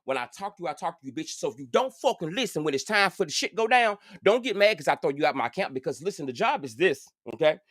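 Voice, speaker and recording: Animated sassy man, lively pitch. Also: quick pace, hardly any pauses, dry recording, studio quality. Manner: animated, sassy, profane, repeats phrases for emphasis. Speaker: channel host. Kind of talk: casual commentary vlog.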